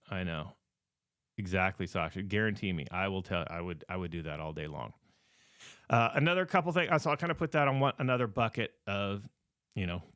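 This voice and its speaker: A podcast host, a man with a lowish voice that is wearing thin as he loses it. He talks casually and with emphasis, repeats his warnings and fills pauses with ums. The sound is dry and close to the mic. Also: fairly bright tone, smooth, dry recording. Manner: repetitive, emphatic warnings with many fillers. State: losing his voice. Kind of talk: casual advice talk.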